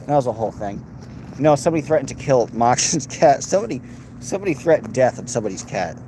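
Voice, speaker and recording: A man's voice: mid-range voice, animated, quick pace, dark tone, slight background noise. An American man hosting a livestream, reading and answering chat in a crude, sarcastic, rambling way. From United States.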